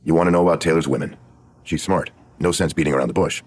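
A man voicing a sharp, sardonic woman screenwriter of the 1920s in a true crime audio drama, with a dry, knowing manner. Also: a bass voice, fast. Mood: confiding.

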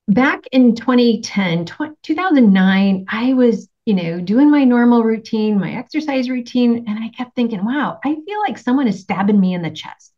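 A woman's voice: mid-range voice, darkish tone. Chatty woman telling a health story. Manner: chatty storytelling, laughs often, acts out quotes. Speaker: nutritionist presenter. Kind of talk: casual health talk with slides. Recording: slightly dull lo-fi sound.

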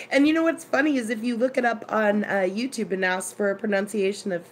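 A woman's voice: mid-range voice, moderate pace, long pauses, slight background noise. A woman hosting a casual live stream from her home kitchen, chatting with viewers and telling a story. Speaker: live-stream cooking host.

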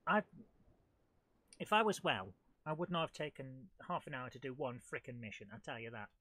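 A woman with a head cold, hosting a live let's-play and chatting excitably to the game, often laughing. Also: very deep voice, moderate pace, no room sound. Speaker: host of a retro gaming channel.

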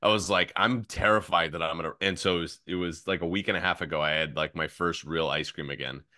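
Deep-voiced, bright dad telling stories. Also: male voice, fast talker, dry recording, clean studio sound. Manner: animated storyteller, many fillers, swings from excited to hushed. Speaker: podcast guest, fitness coach. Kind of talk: casual podcast chat.

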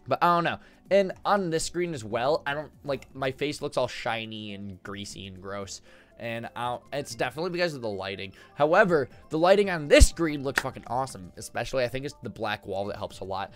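A young man streaming a game from a home room with acoustic foam, rambling excitably, swearing and laughing often. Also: medium pitch. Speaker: gaming streamer. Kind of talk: casual live-stream commentary while gaming.

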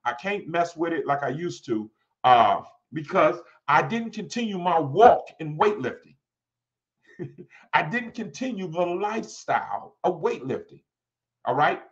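A man in his forties preaching in a church with a high, lively voice that swings widely as he talks. His teaching is loose and conversational, and he keeps asking the room "all right?". The recording sounds dull and lo-fi. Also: a little slow. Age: 40s. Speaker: pastor.

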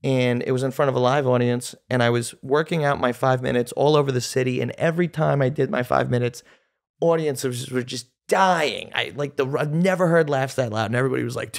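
A male comedian telling stories as a guest on a casual podcast, with an animated, storytelling manner. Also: medium pitch, brisk, gravelly.

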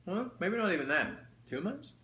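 A man's voice: high-pitched, big pitch swings, normal speed, sharp tone. Chatty man in a roomy echo. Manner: chatty, folksy, addresses viewers as y'all. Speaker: mukbang vlogger. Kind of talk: casual chat while eating. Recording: roomy echo, faint background noise.

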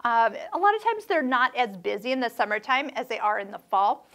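A middle-aged woman talks through sewing machine tips in a relaxed, chatty vlog manner. Her voice sits high, and she slips in playful, reassuring asides as she goes. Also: a little fast. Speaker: sewing channel host. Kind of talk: casual instructional vlog.

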